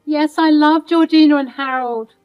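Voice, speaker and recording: A small, pleading five-year-old boy in a storybook reading, as a woman puts on a high childlike voice. Faint music sits under it. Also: fairly even intonation, moderate pace, muffled recording, close to an everyday voice. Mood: hopeful.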